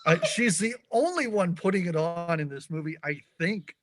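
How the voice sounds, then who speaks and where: Animated man chatting about movies. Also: fairly high pitch, moderate pace, noisy background. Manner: animated, laughing, mock-outraged. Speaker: guest podcast host; college professor. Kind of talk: casual podcast chat.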